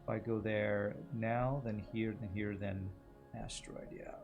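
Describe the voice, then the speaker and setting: A man's voice: lowish voice, flat delivery, measured pace, phone-quality sound, soft background music. A man streaming a video game, chatting casually with viewers and musing aloud about voices and accents as he plays. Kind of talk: casual gaming livestream chat.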